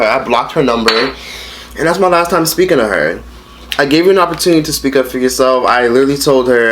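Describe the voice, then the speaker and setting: Young guy, late teens, casual rambling vlogger, swears freely, blunt delivery, middle-pitched. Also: lively intonation, normal speed, pauses often, a bit bright, a little hiss or hum. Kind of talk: casual mukbang storytelling.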